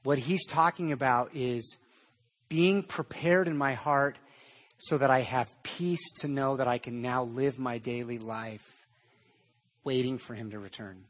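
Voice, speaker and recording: Husky, animated male preacher. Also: mid-range voice, a little slow. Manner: animated storytelling, conversational. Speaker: pastor. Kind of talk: sermon.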